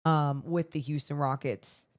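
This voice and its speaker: A woman's voice: deep voice, steady tone. Enthusiastic woman co-hosting a basketball show. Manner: enthusiastic, quick to agree. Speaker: basketball podcast co-host. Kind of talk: casual sports chat.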